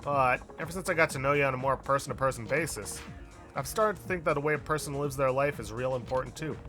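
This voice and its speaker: A man's voice: mid-range voice, quick pace, fairly bright tone, soft background music, lightly acted. A man reading the lines of a brash young female hostess, blunt and slangy. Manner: blunt, slangy, tough-talking.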